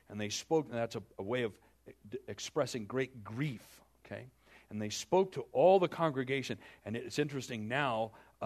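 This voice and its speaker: Animated storytelling man preaching. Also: medium pitch, slightly rough. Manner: animated storytelling with joking asides to the congregation; dramatic swings between loud and hushed. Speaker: pastor. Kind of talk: sermon.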